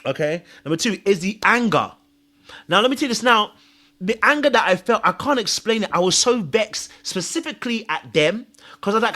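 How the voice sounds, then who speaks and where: Male podcast host, fairly high and very animated, emphatic and confessional. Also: a little fast. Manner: emphatic, confessional, acts out own thoughts. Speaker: podcast host and dating coach. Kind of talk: animated advice monologue.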